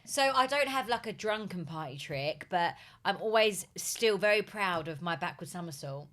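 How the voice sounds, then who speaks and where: A young woman, co-hosting a podcast, telling stories in lively casual chat full of "like". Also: fairly low pitch, normal speed. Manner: animated storyteller, lots of fillers like "like". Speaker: podcast co-host.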